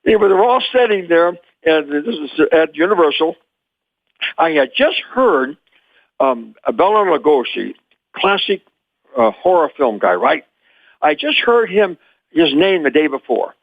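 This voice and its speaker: A man's voice: high voice, measured pace, creaky, no room sound. Older man over a tinny phone line. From Memphis, Tennessee. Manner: lively storyteller, chuckles often. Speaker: guest, former child actor. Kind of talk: animated storytelling interview.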